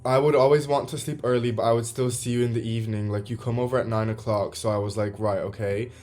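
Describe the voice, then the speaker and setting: Male vlogger, heated storytime rant, profane and exasperated, mid-pitched voice, faint music underneath. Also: fairly even intonation, fast, a little mellow. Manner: swearing, exasperated, quotes texts in mocking voices.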